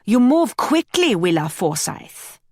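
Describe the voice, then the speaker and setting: Audiobook role: a woman voicing a smug young Flemish man, teasing and sly, even mid-range pitch. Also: takes it slowly, no echo, studio quality. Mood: taunting. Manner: teasing, mocking. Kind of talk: audiobook character voice.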